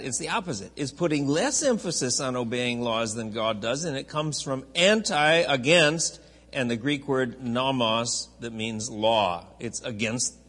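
Male Bible-class teacher, husky, chatty and digressive, recorded in a reverberant hall. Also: mid-range voice, fairly bright tone. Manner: chatty, digressive, with many restarts and asides. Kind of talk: church classroom teaching from an outline. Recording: echoey hall, long reverb.

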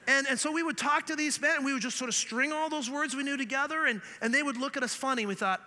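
High, sharp-voiced pastor preaching in a hall. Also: male voice. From Canada. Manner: earnest, animated storytelling with humor. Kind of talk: sermon. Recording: long reverb of a large hall.

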